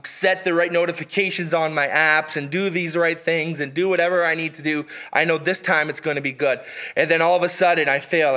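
A man preaching a sermon in an earnest, emphatic way, reading scripture aloud and pausing for weight. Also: on the high side, bright, forceful tone. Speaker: pastor.

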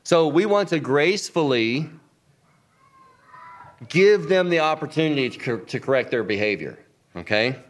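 A man giving an instructional talk, lively, acting out sample lines of dialogue as he explains. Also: on the high side, normal speed, pauses often. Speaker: teacher.

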